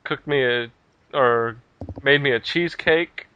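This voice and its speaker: A man hosting a casual gaming podcast, talking in a relaxed, rambling way with lots of fillers. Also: mid-range voice, unhurried, clear, resonant tone, dull audio. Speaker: podcast host.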